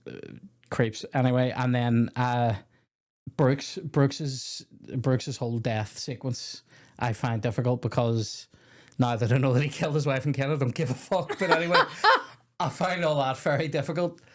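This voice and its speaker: A man in his young adult years talks through a film on a casual podcast. He rambles, swears freely and keeps breaking off mid-sentence to start again, at an ordinary middle pitch. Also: fairly even intonation, moderate pace. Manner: rambling, swearing, self-interrupting. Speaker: podcast host. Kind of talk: casual film review chat.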